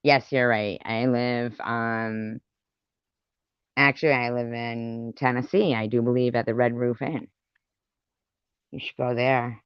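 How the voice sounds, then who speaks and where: A woman vents in an angry vlog rant, swearing and taunting as she hammers her points home with repeated words. Her voice is smooth and clear, and she talks at a slow, deliberate pace. The recording is dry and dull, with a lo-fi sound. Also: very deep voice, little pitch movement, no echo. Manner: profane and confrontational, taunting. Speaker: vlogger.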